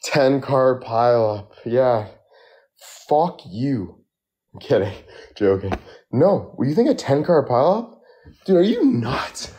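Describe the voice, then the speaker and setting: A man's voice: mid-range voice, very animated, slow pace, highs cut off. Hyped man live-streaming to fans. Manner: hyped, loud, joking banter with viewers. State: out of breath. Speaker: livestreamer. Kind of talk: casual live-stream chat.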